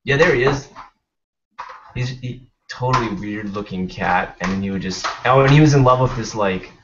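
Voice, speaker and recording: A man's voice: mid-range voice, moderate pace, background noise. A young man hosting a casual podcast chat, laid-back and rambling, swearing now and then. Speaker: podcast host. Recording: dull lo-fi stream audio.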